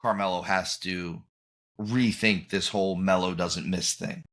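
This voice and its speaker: A man's voice: sits low, fairly even intonation, measured pace, a bit bright. A man hosting a podcast in casual chat, rambling and often trailing off and restarting mid-thought. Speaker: podcast host.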